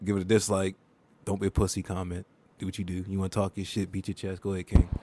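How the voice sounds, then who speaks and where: A man co-hosting a podcast in casual chat, relaxed and slangy, laughing often. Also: deep voice, quick pace, very noisy. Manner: laid-back, laughs often, slangy street talk. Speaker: podcast co-host.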